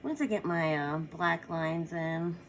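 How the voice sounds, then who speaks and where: A woman's voice: deep voice, takes it slowly, a little hiss or hum. A woman giving a casual painting tutorial, chatting along as she works and adding small apologetic asides. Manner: chatty, talks while working, apologetic asides. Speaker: painting instructor.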